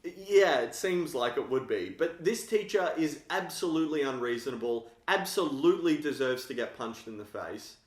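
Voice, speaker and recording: A man's voice: medium pitch, animated, moderate pace, few pauses, echoey room. A man co-hosting a film podcast, bluntly criticizing with a laugh in his voice. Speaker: podcast co-host. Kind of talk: casual film chat.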